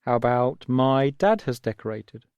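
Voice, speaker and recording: A man with an English accent patiently guiding children through a recorded language lesson, explaining step by step in a gentle way. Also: mid-range voice, expressive, a little slow, smooth, no echo. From England. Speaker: language teacher. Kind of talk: scripted audio lesson for children.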